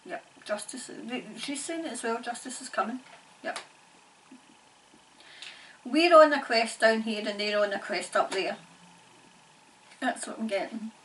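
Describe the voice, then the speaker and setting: Scottish woman, psychic medium, higher voice, halting repetitive delivery, laughs a lot, mic at a distance. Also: fairly bright tone, slight background noise. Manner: halting, repeats phrases, laughs often. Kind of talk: channelling session, casual monologue.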